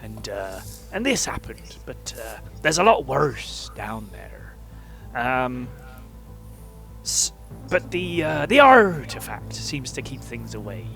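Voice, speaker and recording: Guy doing fishy pirate lighthouse keeper, yar-ing away, bouncy highish voice. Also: big pitch swings, measured pace, sharp tone, faint music behind, exaggerated voice. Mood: rueful. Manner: growling pirate "yar" accent put on. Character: gruff fish-man lighthouse keeper, pirate-talking.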